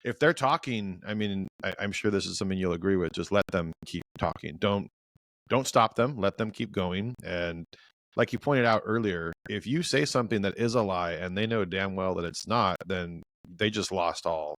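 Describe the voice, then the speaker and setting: A man's voice: sits low, moderate pace, a bit bright, no echo, rough recording. A man hosting a podcast, asking long, winding questions of his guest. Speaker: podcast host. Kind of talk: podcast conversation.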